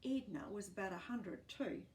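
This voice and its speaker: A woman reading a children's picture book aloud in an expressive, animated storytelling manner. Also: mid-range voice, normal speed. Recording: roomy, distant mic, faint noise.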